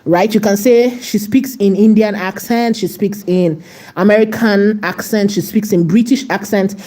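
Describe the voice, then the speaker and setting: Hosting a live tutorial on AI video, this woman walks viewers through each step in a chatty way, talking to the chat and frequently asking "right?" Her voice is medium in pitch and dark in tone, at a moderate pace.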